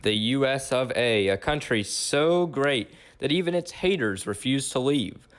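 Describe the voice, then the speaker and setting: Man, slow deliberate caption reading, mid-pitched, flat delivery. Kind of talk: reading meme captions aloud.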